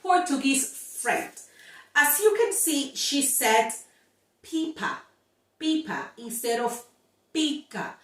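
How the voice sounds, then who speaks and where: Female language teacher, unhurried and demonstrative, high-ish voice, roomy recording. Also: lively intonation, distant mic, crowd noise, background noise. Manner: slow, drawn-out demonstrations of sounds, playful scolding. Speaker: Spanish teacher. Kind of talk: pronunciation lesson.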